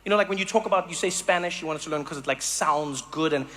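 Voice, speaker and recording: A man from South Africa performing a stand-up comedy set, animated and acting out voices and sounds in sudden bursts. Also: a little high, fast talker.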